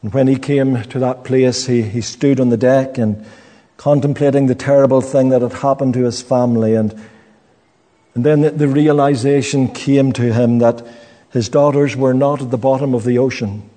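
A man preaching a sermon slowly and earnestly, often restarting his phrases. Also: medium pitch, steady tone, dark tone. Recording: long hall reverb.

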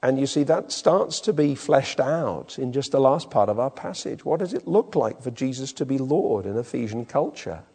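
A British man preaching a sermon with an animated, emphatic delivery in a church hall. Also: mid-range voice, normal speed, few pauses, slightly rough. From Britain. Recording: long reverb in a hall.

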